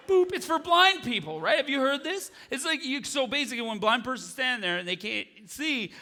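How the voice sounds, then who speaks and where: A man doing stand-up comedy on a large theater stage, talking in an animated way and jumping into high squealing impressions, with audience laughter behind him.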